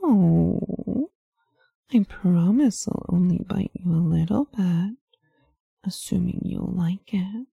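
A woman voicing a seductive, teasing female demon who speaks in a slow, purring way. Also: fairly low pitch, animated, gravelly, slightly rough, no echo, narrow, tinny audio, pitched above the performer's own voice, exaggerated voice. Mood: playful.

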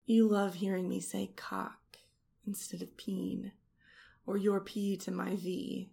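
A woman speaks in an intimate erotic audio role-play, her delivery slow and unhurried and her voice heavily gravelly with a husky edge. She teases in a seductive murmur close on the mic, now and then dropping into a whisper. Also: medium pitch, level tone, dark tone. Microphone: close studio mic.

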